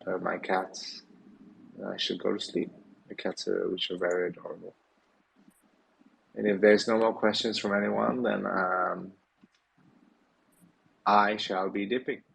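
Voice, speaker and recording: A man with a deep, gravelly voice hosts a loose live Q&A, sounding worn out from a long day. His talk is rambling and full of fillers, with a husky edge throughout. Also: a little slow, pauses often, rough recording. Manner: relaxed, rambling, many fillers. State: tired, yawning. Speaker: host of a community Q&A. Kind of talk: casual live audio chat.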